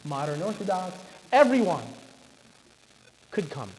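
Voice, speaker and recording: A man's voice: sits high, big pitch swings, measured pace, darkish tone. A man, a rabbi, telling a dramatic story in a sermon at a synagogue. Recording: reverberant hall, faint background noise.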